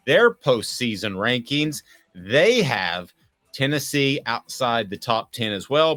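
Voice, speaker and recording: A man's voice: medium pitch, dry recording. A man hosting a casual sports talk podcast, asking questions and giving his takes. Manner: lively, reads a sponsor spot.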